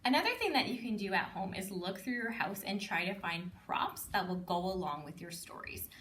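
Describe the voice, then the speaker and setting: Expressive and fairly quick, this woman works as a communicative disorders assistant and walks through an instructional demonstration in a chatty way. Her medium, fairly bright voice dips into playful sing-song reading now and then, dotted with "um"s and light laughs; slight background noise is present.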